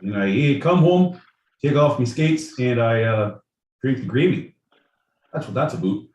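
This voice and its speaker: A man's voice: mid-range voice, expressive, unhurried, a little mellow, roomy sound, far from the mic, natural voice. A man putting on a hockey-loving guy with a mock Canadian accent and a folksy manner. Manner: folksy, tacks on "eh".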